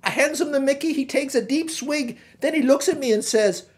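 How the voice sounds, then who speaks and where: A chirpy male farmhand with a lilting Irish accent rambles through a folksy comic tale, as a man puts him on. The voice sits high and bright for a grown fellow, all good-natured storytelling. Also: a little fast. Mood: cheerful. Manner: folksy, rambling yarn-spinner.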